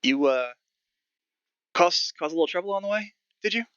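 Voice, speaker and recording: A cocky, amused ship captain drawls his lines slowly and a touch higher than the performer's usual voice, as a man acts him out. The voice is bright and edgy, heard through a dull, lo-fi, dry mic in a tabletop game. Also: expressive, clean tone, no echo. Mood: wry.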